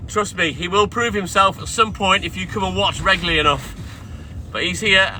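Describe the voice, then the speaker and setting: A man's voice: high-pitched, normal speed, sharp tone, a little hiss or hum. A man chatting casually and bantering with viewers on a live stream from his delivery van, swearing now and then. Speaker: milkman streamer. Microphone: phone live stream. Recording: music playing clearly behind.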